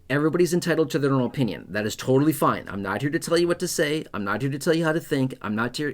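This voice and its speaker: A man hosting an online explainer about retirement benefits, speaking straight to his viewers in an emphatic, repetitive way and often checking in with "okay?". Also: mid-range voice. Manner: speaks straight to viewers, addressing their comments. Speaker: YouTube host on retirement benefits. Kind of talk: direct-to-camera explainer talk.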